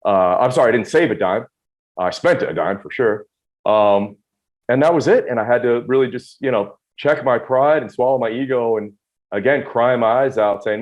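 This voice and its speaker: A man in his forties telling his own story in an interview, quick, emphatic and self-deprecating. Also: mid-range voice, muffled recording. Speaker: guest.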